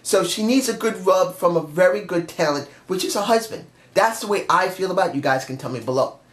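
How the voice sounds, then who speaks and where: A man's voice: sits high, lively intonation, fairly quick, fairly bright tone. A man giving an emotional, passionate review in a casual monologue straight to his viewers. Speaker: wrestling show reviewer. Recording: echoey room.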